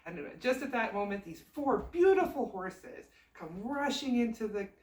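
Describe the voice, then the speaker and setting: A woman telling a fairy tale aloud in a chatty, animated, conversational way. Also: a little high, normal speed, roomy sound, recorded from a distance. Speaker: storyteller. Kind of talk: casual oral storytelling.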